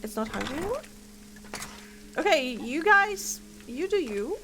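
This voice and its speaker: A woman's voice: high-pitched, sing-song, measured pace, pauses often, bright, forceful tone, a little hiss or hum. A woman streaming a game, chatting casually and thinking aloud with frequent giggles. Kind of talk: casual gameplay commentary. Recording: clear game music underneath. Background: game music.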